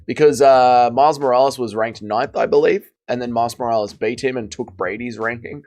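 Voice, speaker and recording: A man's voice: medium pitch, a little fast. A man hosting a casual livestream, reading chat and commentating fights with blunt, profane banter. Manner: blunt, swearing, excitable banter. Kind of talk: casual watch-party commentary.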